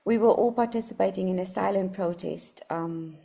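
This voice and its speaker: A woman's voice: medium pitch, moderate pace, vocal fry, warm tone. A South African woman co-hosting a casual podcast, chatting and slipping between English and Afrikaans. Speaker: podcast co-host. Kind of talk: casual chat.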